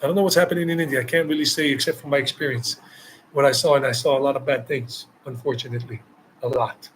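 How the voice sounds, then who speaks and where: A man's voice: medium pitch, steady tone, quick pace, fairly bright tone, a little hiss or hum, low-quality recording. A man from the United States, a travel vlogger answering viewer questions live, talking emphatically and repeating phrases for stress. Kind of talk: live Q&A chat.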